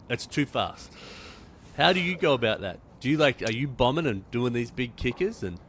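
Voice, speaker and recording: A man's voice: mid-range voice, very animated, brisk, fairly bright tone, a little hiss or hum. A man hosting a podcast interview, chatty and casual, full of fillers and the odd swear. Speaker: podcast host.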